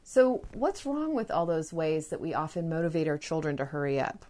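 A woman's voice: sits low, moderate pace, mellow. A woman hosting a parenting podcast, explaining patiently in solo talk and acting out short lines of children and parents in her examples.

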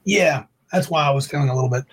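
A man's voice: mid-range voice, quick pace, husky, poor audio. A man co-hosting a livestreamed tabletop gaming talk show, chatting casually and rambling as he corrects himself. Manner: rambling, self-correcting, reads quotes aloud. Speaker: podcast co-host.

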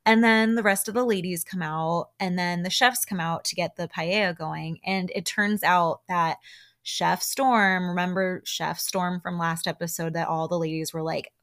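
A woman's voice: fairly low pitch, normal speed, a bit bright. A woman hosting a podcast, casually recapping a reality show with frequent laughs and asides to her listeners.

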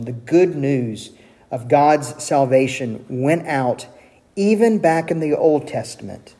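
Male preacher, lively delivery, mellow timbre, large reverberant sanctuary. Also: measured pace. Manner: animated preaching, voicing God's lines with a raised pitch. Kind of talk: sermon.

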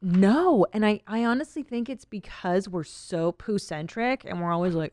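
A woman's voice: medium pitch, moderate pace, few pauses, darkish tone, no echo. A woman in her thirties hosting a podcast, chatting casually and rambling, laughing often. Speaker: podcast host. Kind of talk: casual chat.

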